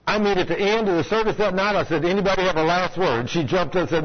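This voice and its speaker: A man's voice: fairly high pitch, quick pace, hardly any pauses. Folksy preacher man on lo-fi radio. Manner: folksy storytelling, rhetorical questions. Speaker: pastor. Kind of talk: sermon with anecdote.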